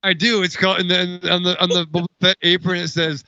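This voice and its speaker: A man with a gravelly, bright and somewhat high voice jokes around with his podcast co-hosts. He swears freely and presses his point. The sound is dull and lo-fi. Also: flat delivery, fast talker, dry recording. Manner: profane, playful, insistent. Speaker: podcast co-host. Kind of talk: casual banter.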